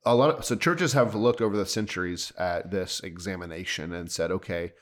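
A man talking things through on a podcast in an earnest, explaining way, with a lowish voice. He speaks as a pastor in a relaxed conversation. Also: brisk. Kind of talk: casual podcast discussion.

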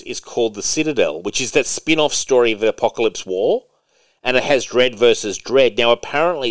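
A man's voice: mid-range voice, no echo. A man co-hosting a podcast, chatting casually, asking his guest questions and reading out news items. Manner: conversational, asks questions and reads out news items. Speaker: podcast co-host. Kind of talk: casual chat.

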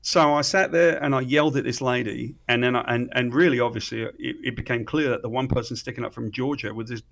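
A middle-aged man, an interview guest telling stories excitedly, swearing freely and often restarting his sentences. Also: medium pitch, fast, gravelly. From Britain. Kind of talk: animated storytelling in conversation.

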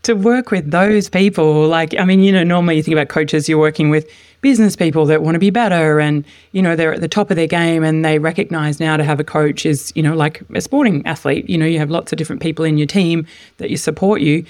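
A man's voice: on the high side, steady tone, fast, darkish tone, clean tone, dry recording, studio quality. A male podcast host asking enthusiastic, rambling questions full of fillers. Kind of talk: interview questions.

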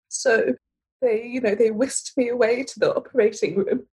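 A woman's voice: a little high, fairly even intonation, normal speed, a little mellow, husky, low-quality recording. A woman in her thirties, a guest in an interview, telling a personal story with many fillers and restarts.

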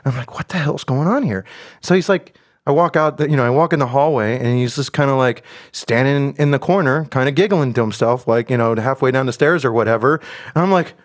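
A man's voice: mid-range voice, a little fast. A young adult man hosting a podcast, telling a story in casual chat and swearing freely. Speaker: podcast host.

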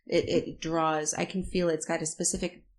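A woman's voice: deep voice, little pitch movement, moderate pace. A woman playing a tabletop game, talking bluntly and bossily and swearing. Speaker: player. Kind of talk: casual game chat.

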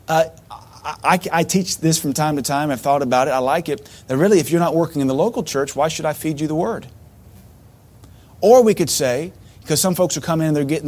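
A middle-aged man preaching a sermon as pastor, animated, with sudden loud outbursts and mocking asides. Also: fairly high pitch.

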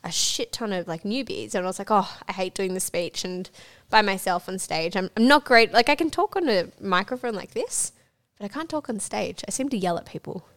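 A young woman co-hosts a casual podcast, speaking frankly and laughing often. She trails off and restarts her thoughts, padding them with fillers. Her voice sits in a middle pitch. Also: lively intonation, fairly quick, fairly bright tone. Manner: candid, giggly, trails off with fillers. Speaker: podcast co-host. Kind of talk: casual chat.

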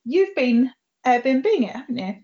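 Woman podcast host, chatty and self-deprecating; a touch high, muffled recording. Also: big pitch swings, moderate pace, dark tone. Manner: chatty, self-mocking, laughs often. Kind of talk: casual chat. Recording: dull lo-fi audio.

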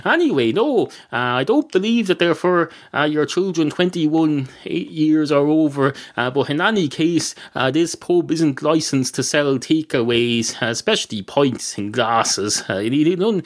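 A man's voice: a little high, expressive, a little slow, hardly any pauses, pitched above the performer's own voice. A man playing a pedantic, grumbling male barman who lectures a customer in a rambling rant. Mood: lecturing.

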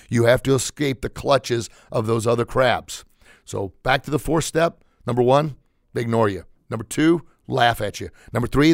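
A man's voice: medium pitch, creaky, no room sound, clean studio sound. A man hosting a podcast, giving an emphatic, conversational motivational talk that repeats its key points. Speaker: podcast host, motivational speaker.

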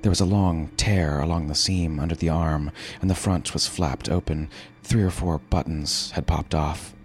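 A man reading a first-person story aloud in a measured, dramatic narrating voice. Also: a bass voice, fairly even intonation. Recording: narration over background music.

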